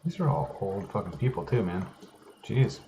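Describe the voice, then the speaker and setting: A man's voice: fairly low pitch, expressive, moderate pace, dark tone, slight background noise. A man casually talking through a game he is playing, muttering and swearing to himself. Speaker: gamer. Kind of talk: casual gameplay commentary.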